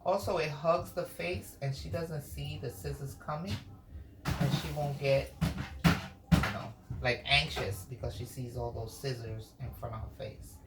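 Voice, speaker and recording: Low-voiced woman coaxing her dog. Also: steady tone, unhurried, very noisy. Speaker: dog groomer vlogger. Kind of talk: casual grooming commentary and instructions. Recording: echoey room with music.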